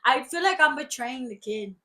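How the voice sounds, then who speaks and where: A young woman co-hosts a podcast, talking in a loose, slangy, laid-back way and laughing often. Her voice sits high for a woman. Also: lively intonation, normal speed, pushed and bright. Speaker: podcast co-host. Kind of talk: casual chat.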